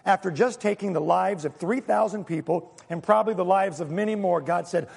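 A man's voice: sits high, a little fast, vocal fry, a little mellow, slightly rough, long reverb tail. A male pastor preaching a sermon, emphatic and fond of rhetorical questions to his congregation.

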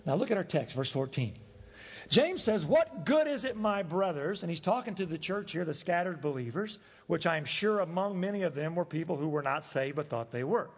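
Male pastor mid-sermon, husky, emphatic, fond of rhetorical questions; reverberant church hall. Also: a little high, lively intonation, normal speed. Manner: emphatic, rhetorical questions, acts out quoted voices. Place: church sanctuary.

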